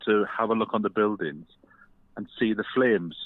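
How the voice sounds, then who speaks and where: A man from London phoning in to a show, telling an anecdote in a steady, slightly halting way. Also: fairly low pitch, dry recording. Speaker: caller. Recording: dry, tinny phone line.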